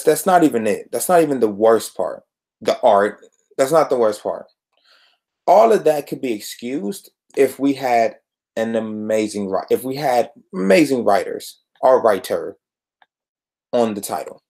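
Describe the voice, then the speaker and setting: A man's voice: lowish voice, lively intonation, a little slow, a little mellow. A young man hosting a solo podcast, reviewing comic books in an exasperated, sarcastic rant.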